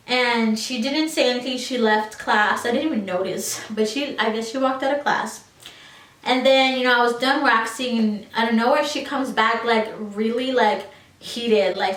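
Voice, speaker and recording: A woman's voice: fairly high pitch, normal speed, fairly bright tone, distant mic. A young woman telling a storytime vlog in a chatty, rambling way, with many likes and ums. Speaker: beauty vlogger. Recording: roomy echo, voice a little off-mic.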